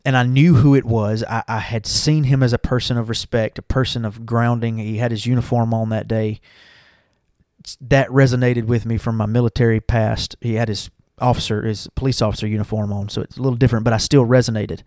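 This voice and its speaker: A man's voice: medium pitch, level tone, fairly quick, darkish tone, no echo, clean studio sound. A young man, earnestly telling his church testimony and talking to listeners as y'all. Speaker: church member giving testimony. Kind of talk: personal testimony.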